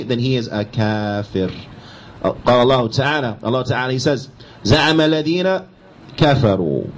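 An Islamic teacher with a medium-pitched voice lectures on a hadith, moving between recited Arabic and emphatic, repetitive explanation. The recording quality is low.

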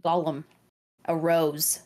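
A woman's voice: low-pitched, little pitch movement, takes it slowly, mellow. A woman chatting over a call while racing, giving brief, offhand replies. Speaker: rival racer on a call. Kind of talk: casual chat over a call.

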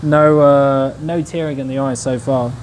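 A man's voice: medium pitch, steady tone, measured pace, a little mellow, slight background noise, poor audio. A young man casually chatting to his viewers while he cooks on a livestream, in a laid-back, slangy way. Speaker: streamer. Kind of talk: casual cooking livestream chat.

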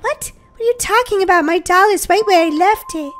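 A woman's voice: very high-pitched, fairly quick, a little hiss or hum, pitched above the performer's own voice. A woman voicing Daisy, a bossy and impatient sister who scolds in an exasperated way, in a roleplay story. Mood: annoyed.

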